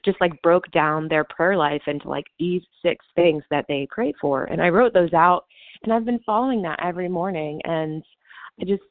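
A woman's voice: fairly low pitch, moderate pace, no room sound. A woman sharing at a support meeting, casual and full of fillers like "you know". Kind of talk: personal recovery share. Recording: tinny phone-like call audio.

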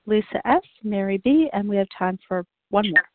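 A woman chairing a call-in meeting, brisk and polite as she calls on speakers. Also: medium pitch, animated, no room sound. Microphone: phone call-in. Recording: dry tinny phone line.

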